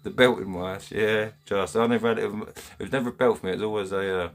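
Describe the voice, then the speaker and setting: A man's voice: on the low side, fairly even intonation, fast. A man with an English accent hosting a casual live stream, chatting bluntly in heavy slang, laughing often and reading out viewers' comments from his home. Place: home, indoors.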